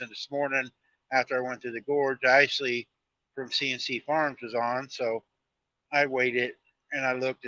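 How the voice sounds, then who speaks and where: A man's voice: medium pitch, sharp tone, dry recording, highs cut off. A man, chatting casually on a live stream from his truck cab as he drives, telling stories in a rambling, folksy way. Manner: rambling storyteller, folksy talk. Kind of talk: casual live-stream chat while driving.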